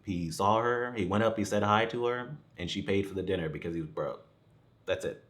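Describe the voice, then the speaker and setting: A man's voice: lowish voice, fairly quick, fairly bright tone. A man giving a casual, rambling film review, laughing often and swearing freely. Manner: rambling, chuckling, profane. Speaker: movie reviewer.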